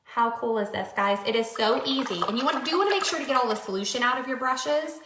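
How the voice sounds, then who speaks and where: Bright, chatty woman in echoey room. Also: a little high, lively intonation, fast, slight background noise. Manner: chatty, filler-heavy, upbeat. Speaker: beauty vlogger. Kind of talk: casual product demo. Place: home room by mirror.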